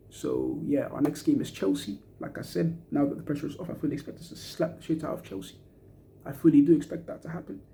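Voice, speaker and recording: A young man lets loose an angry football rant, full of swearing and slang. His voice sits a little high, with a dark, mellow tone. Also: vocal fry, slight background noise. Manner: frustrated, swearing, slang-heavy ranting. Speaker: football fan reacting to a match. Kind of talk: angry post-match fan rant.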